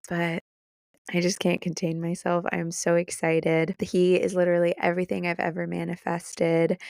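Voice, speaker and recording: A young adult woman hosting her own podcast, talking alone in a casual way, excited and emotional, laughing and holding back tears. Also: on the low side, creaky, clean tone, dry recording, clean studio sound. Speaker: podcast host. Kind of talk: casual solo podcast monologue.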